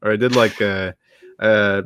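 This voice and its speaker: A man's voice: fairly low pitch, steady tone, a little slow, a bit bright, slight background noise. A young man co-hosting a casual podcast, blunt and sweary, laughing along as he tells stories. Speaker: podcast co-host.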